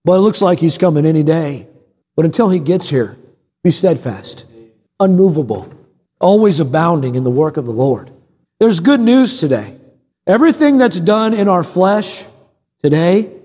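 A man's voice: a little high, dark tone. A middle-aged pastor with a raised, ringing voice preaches from the pulpit. His lines build through emphatic repetition, then loosen into chatty family asides. A long church reverb trails every phrase. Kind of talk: sermon. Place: church sanctuary.

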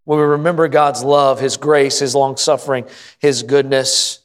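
High-voiced man preaching in a reverberant church. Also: steady tone, unhurried. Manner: emphatic preaching, rising to loud high exclamations; leads the congregation in responses. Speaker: pastor. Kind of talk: sermon. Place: church sanctuary. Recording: long hall reverb.

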